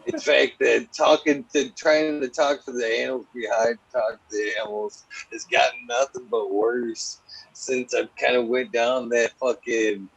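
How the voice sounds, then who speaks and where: A man's voice: mid-range voice, unhurried, vocal fry, dull audio, a little hiss or hum. A man telling stories in casual, profane podcast chat, laughing often. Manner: profane, laughing, animated storytelling. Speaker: podcast host.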